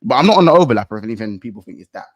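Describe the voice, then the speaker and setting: A young London man hosts a football chat in quick, slangy banter, tripping over his own restarts. His voice sits mid-pitch and the sound is close and dry, with little room around it. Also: expressive, dry recording. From England. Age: young adult. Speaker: football podcast host. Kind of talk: casual chat.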